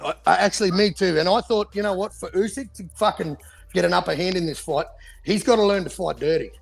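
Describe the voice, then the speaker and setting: A man's voice: high-pitched, fast talker, creaky, breathy edge. A man co-hosting a casual boxing podcast, talking in profane, heated rants. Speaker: podcast co-host.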